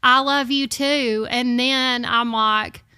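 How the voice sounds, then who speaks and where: A woman's voice: on the high side, steady tone, takes it slowly, pushed and bright, clean tone. A young woman with a Southern US accent, a podcast guest chatting casually and laughing at herself. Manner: chatty, laughs often, self-deprecating.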